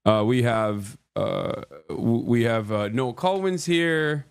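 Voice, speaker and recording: A man's voice: mid-range voice, slow pace, vocal fry, clean tone. A tired man streaming live from a hotel room, chatting casually and rambling with joking banter. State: tired from little sleep. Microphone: streaming mic.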